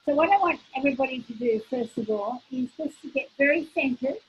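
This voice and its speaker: A woman hosting a spiritual card reading, giving slow, soothing guidance. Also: high voice, slightly rough. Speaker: host reading oracle cards. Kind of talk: guided spiritual talk. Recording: dull, muffled audio.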